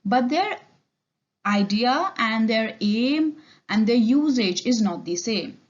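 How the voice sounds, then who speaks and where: A woman's voice: a little high, expressive, slow. A young woman with an Indian accent teaching an English grammar lecture, explaining step by step and checking in with "okay?". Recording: dull lo-fi recording.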